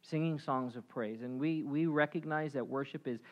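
A man preaching a sermon as pastor, swinging between loud emphatic calls and quiet asides. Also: a little high, normal speed, dull audio.

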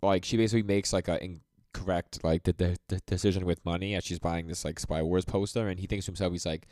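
Dry-miked podcast guy, smooth low voice. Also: fairly even intonation, brisk, darkish tone, no echo. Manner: rambling, many fillers, acts out character lines. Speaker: podcast co-host. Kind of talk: casual chat recapping an anime episode.

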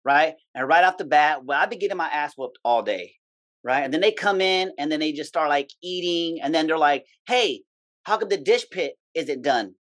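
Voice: medium pitch, fairly quick, fairly bright tone. A guest in a casual talk, telling a work story bluntly with plenty of swearing. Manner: blunt, salty storytelling with acted-out quotes. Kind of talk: casual podcast chat.

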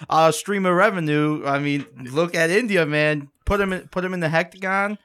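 A man's voice: fairly high pitch, moderate pace, a bit bright, clear, resonant tone. A man co-hosting a casual podcast, talking in a laid-back, enthusiastic way. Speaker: podcast co-host. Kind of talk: casual chat.

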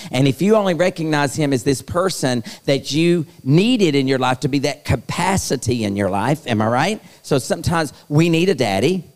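Preaching at a live youth conference, a middle-aged man teases the crowd playfully and addresses them directly. His voice is a little high and animated, at normal speed with few pauses, and the big hall adds long reverb.

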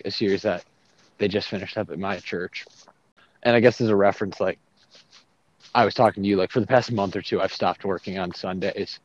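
A young man in casual faith conversation, talking animatedly with many fillers and laughs, outdoors near traffic. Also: fairly low pitch. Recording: dull lo-fi sound with faint traffic noise.

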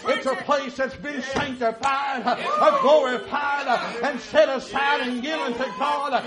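High-voiced shouting preacher in an echoey church. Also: male voice, steady tone, a crowd in the background. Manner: chanted, drawn-out preaching with cries of "woo" and "hallelujah". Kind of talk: shouting revival sermon. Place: church sanctuary. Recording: echoey church with loud congregation. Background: congregation responding.

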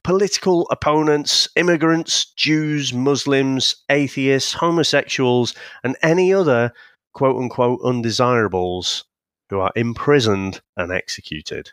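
A man, co-hosting a casual film review podcast, laid-back and halting with the odd swear. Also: mid-range voice, fairly bright tone, dry recording, clean studio sound. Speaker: podcast co-host.

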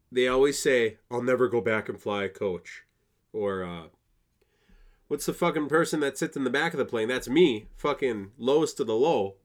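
A young man from Wisconsin hosting a casual solo podcast, rambling and swearing a lot, laughing at his own jokes. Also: mid-range voice. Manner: profane, rambling, laughs often. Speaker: podcast host.

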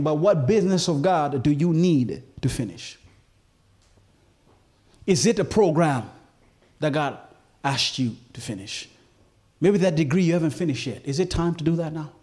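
Impassioned high-voiced male preacher. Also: animated, measured pace, long pauses, darkish tone, breathy edge. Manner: impassioned, pleading, often asks "you feel me?". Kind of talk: sermon.

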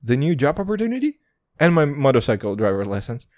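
A young man rants through his podcast monologue, swearing freely and poking fun at himself. His pitch leaps up and down all the time. The mic is close and dry, with no room sound at all. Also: sing-song, fast talker, a little mellow, dry recording. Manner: profane, brash, self-mocking, calls listeners boys. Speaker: podcast host. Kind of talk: casual comedic monologue.

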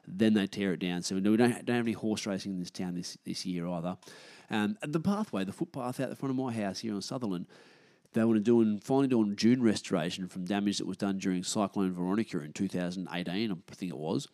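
A man with an Australian accent hosting a podcast on his own, ranting casually and bluntly, swearing a lot and getting loud when annoyed. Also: lowish voice. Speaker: podcast host. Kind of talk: casual solo rant.

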